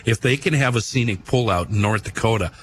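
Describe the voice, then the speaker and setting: A man's voice: fairly low pitch, fairly quick, a little hiss or hum. A man co-hosting a casual talk show, telling rambling travel stories with a wry, joking manner. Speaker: radio co-host. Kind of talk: casual chat.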